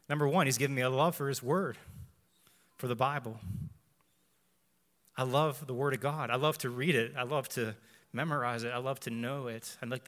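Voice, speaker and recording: A man in his forties gives an earnest personal faith testimony to a church, speaking in measured phrases and repeating lines for emphasis. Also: medium pitch, fairly bright tone, big-room sound. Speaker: church member giving testimony.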